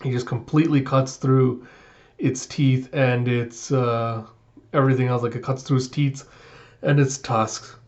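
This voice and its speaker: A man's voice: medium pitch, darkish tone, muffled recording. A man giving a chatty, sarcastic comic recap as a reviewer. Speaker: manga reviewer. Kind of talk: casual reaction recap.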